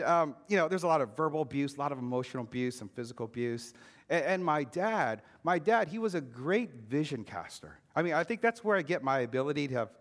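A male pastor preaching a sermon with personal testimony, earnest and emphatic, slowing down and dropping low on key words. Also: a bit bright.

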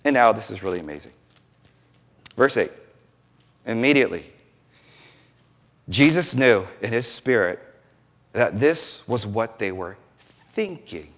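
A man's voice: on the low side, a little slow, pauses often. A man preaching a sermon, acting out scenes and quoting voices as he teaches from scripture. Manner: animated, acts out biblical scenes with quoted voices. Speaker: pastor.

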